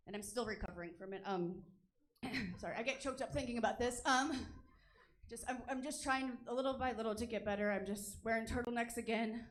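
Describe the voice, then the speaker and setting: A woman performing a stand-up comedy set on a comedy theater stage, brash, crude and self-deprecating. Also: medium pitch.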